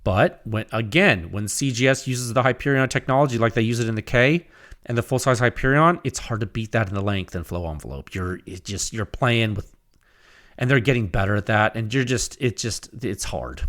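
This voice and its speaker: A man hosting a solo podcast, talking in an excitable, rambling way with many restarts. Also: on the low side, moderate pace. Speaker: podcast host.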